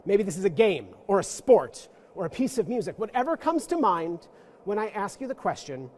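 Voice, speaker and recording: Male guest lecturer, high-pitched, playful and self-deprecating, leading a church forum audience. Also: very animated, normal speed, darkish tone. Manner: playful, self-mocking, joking asides.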